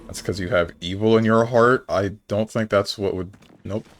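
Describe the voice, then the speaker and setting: A man streaming a game, talking in a dry, low-key way to his chat, with sudden high yelps when he gets hit. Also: fairly even intonation, normal speed. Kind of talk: casual gameplay commentary. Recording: game music behind the voice. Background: faint game music.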